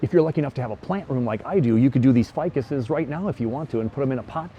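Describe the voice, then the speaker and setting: A man's voice: medium pitch, rapid-fire, dull audio, a little hiss or hum. Upbeat man touring a greenhouse. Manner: enthusiastic, chatty, full of exclamations. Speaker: bonsai vlogger host. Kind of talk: casual walk-and-talk vlog. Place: indoor greenhouse at a plant nursery.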